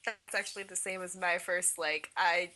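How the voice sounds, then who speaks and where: Young woman, podcast co-host, bright voice, lowish pitch, excited and laughing. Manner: enthusiastic, laughs often, fast recaps. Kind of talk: casual fan podcast discussion.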